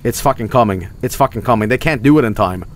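A man streaming a game, talking casually and swinging between low mutters and loud exclamations. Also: quick pace, a little hiss or hum. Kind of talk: livestream game commentary.

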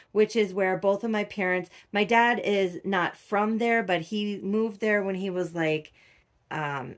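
A middle-aged woman, chatting casually to her viewers in a soft, rambling way with many fillers. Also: fairly low pitch. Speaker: doll collector vlogger. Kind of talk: casual chat to camera.

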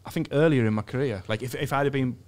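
A man's voice: mid-range voice, quick pace, darkish tone. A young man, a comedian, telling a sweary story in a casual chat, with frequent restarts. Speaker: comedian guest. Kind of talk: casual anecdote.

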